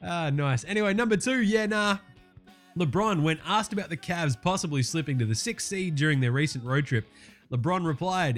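Host: Australian man, lively up-and-down delivery, profane and excitable sports chatter. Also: fairly high pitch, normal speed, faint music behind. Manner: profane, excitable, laughing rants. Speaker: podcast host. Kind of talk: casual sports podcast chat.

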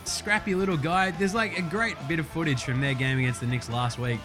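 Aussie bloke ranting about basketball, swears a lot, kinda high voice, faint music behind. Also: male voice, a little fast. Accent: Australian. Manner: profane, excitable, loose. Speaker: podcast host. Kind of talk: casual sports chat.

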